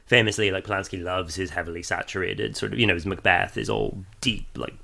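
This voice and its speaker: A man's voice: low-pitched, fairly even intonation, a little fast, vocal fry, bright, forceful tone. An Irish man co-hosting a podcast, chatting loosely about a film, laughing often and restarting his sentences. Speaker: podcast co-host. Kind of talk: casual film discussion.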